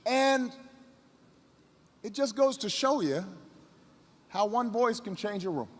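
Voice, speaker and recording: Middle-aged man from the United States, high voice, speech storyteller who repeats lines and builds to shouts, lingering hall echo. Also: animated, slow pace, background noise. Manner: anecdotal, repeats phrases for effect, builds to shouts. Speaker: speaker. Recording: long reverb of a large hall.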